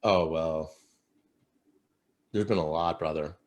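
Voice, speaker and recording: A man's voice: extremely low pitch, steady tone, slow pace. A man coaching other men, telling stories earnestly in a casual podcast interview, with loose fillers. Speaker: guest, men's coach.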